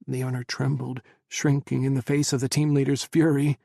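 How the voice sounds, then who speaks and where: Gravelly male audiobook narrator. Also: medium pitch, little pitch movement, moderate pace, few pauses, dark tone, dry recording, clean studio sound.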